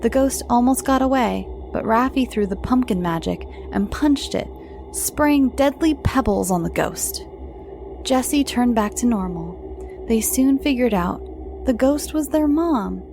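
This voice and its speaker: A woman's voice: fairly high pitch, expressive, gravelly, noisy background. A woman hosting a show of spooky bedtime stories for children, narrating dramatically and dropping into whispers at times. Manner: slow, dramatic with dips into whispers. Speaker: storyteller host. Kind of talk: bedtime scary story narration for kids. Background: faint music.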